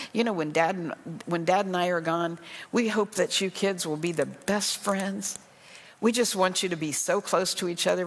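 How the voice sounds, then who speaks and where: Older woman pastor, low voice, heartfelt conversational sermon, long hall reverb. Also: a bit bright. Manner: earnest, emotional, conversational preaching. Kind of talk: sermon to a women's group.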